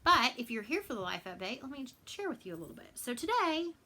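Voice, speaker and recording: A woman's voice: high-pitched, very animated, fast, bright, forceful tone, rough recording. A woman from Texas in a casual home vlog, chatting and rambling with many fillers and repeated words. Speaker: cross stitch vlogger. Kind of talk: casual chat.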